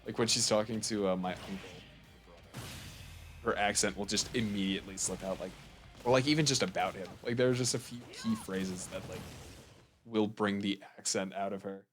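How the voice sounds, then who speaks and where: Laid-back joking man, lowish voice. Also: steady tone, brisk, fairly bright tone, faint music behind. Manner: joking, loose, laughs often. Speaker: co-host. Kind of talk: casual chat while gaming.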